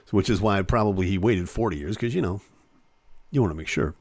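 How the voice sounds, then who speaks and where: A man's voice: sits low, fairly quick, darkish tone. A man hosting a live online show, casually reading celebrity news aloud with playful jokes and asides.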